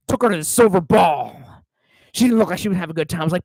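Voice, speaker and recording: Young man, streamer, rambling profane storytelling, lively swooping pitch, dry close sound. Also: fast talker, no echo. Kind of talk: casual storytelling monologue.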